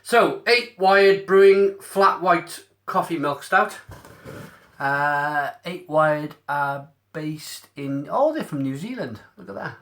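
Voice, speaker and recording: A man hosts a casual live stream, talking straight into his mobile phone. His voice sits a little high and sounds bright and forceful. He stays chatty and upbeat, answering viewers' comments aloud as he goes. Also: lively intonation, slow. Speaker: beer reviewer streaming live. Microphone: mobile phone camera.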